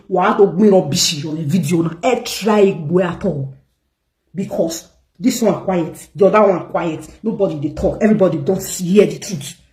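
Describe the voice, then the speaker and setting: A woman's voice: fairly low pitch, darkish tone. A Nigerian woman vlogging to her viewers, telling a story in an emphatic, indignant way. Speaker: gossip vlogger. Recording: echoey room.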